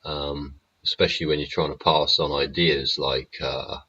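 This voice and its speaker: A man's voice: rumbling low, level tone, moderate pace, pushed and bright, husky, lo-fi sound. A man hosting a live-stream show, talking in a rambling, blunt monologue full of swearing. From England. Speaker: show host.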